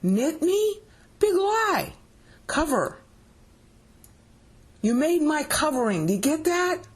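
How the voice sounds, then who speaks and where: This woman's voice sits high and swings widely in pitch as she talks slowly. She teaches scripture over screen share as a Bible teacher, walking through each step emphatically and frequently making sure the listener keeps up.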